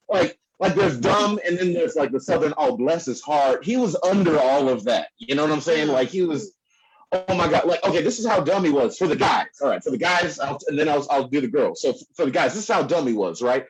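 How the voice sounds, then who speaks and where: On a club stage, a man works through a stand-up set, rambling, leaning heavily on fillers and laughing at his own jokes. His fairly high voice is animated and fairly quick, and the background is noisy.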